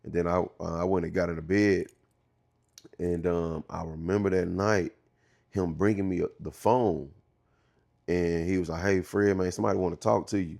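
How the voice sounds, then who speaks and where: Man, thirties, halting candid storytelling, slangy, gravelly rasp. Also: sits low, steady tone, darkish tone. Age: 30s. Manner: halting, restarts often, slangy and profane. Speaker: interview guest.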